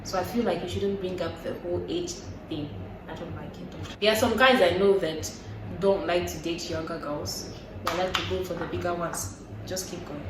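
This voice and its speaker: Animated young woman chatting. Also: lowish voice, moderate pace. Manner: animated, acts out quoted voices with laughter. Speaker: host. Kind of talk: casual chat. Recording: echoey room, voice from far off, noisy background.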